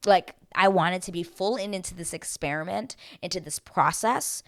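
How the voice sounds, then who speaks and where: A woman giving a casual, chatty recap of a reality show, talking animatedly and filling her sentences with "like.". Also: normal speed. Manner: animated, heavy use of "like", dramatic swings in pitch and loudness.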